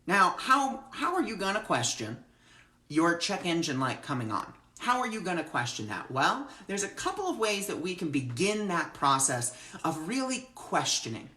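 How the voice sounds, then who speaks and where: A woman with a low voice leads a live-streamed spiritual talk in an earnest, expressive way. She speaks to her viewers directly and greets them as their comments come in. Her voice rings in a roomy echo. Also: normal speed. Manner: earnest and expressive, acts out her own panic. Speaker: spiritual teacher hosting a live discussion.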